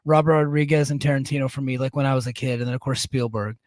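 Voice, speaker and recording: A man's voice: medium pitch, fairly even intonation, quick pace, darkish tone, no echo. Laid-back guy cohosting a podcast, chatty, lots of ums, dry mic. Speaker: podcast co-host. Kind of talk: casual chat.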